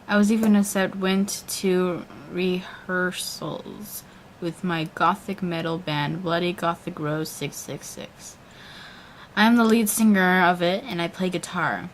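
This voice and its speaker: A woman's voice: lowish voice, slight background noise. A young woman giving a mock-dramatic reading of a fan story, with a wry, overdone delivery and sarcastic asides. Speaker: reader.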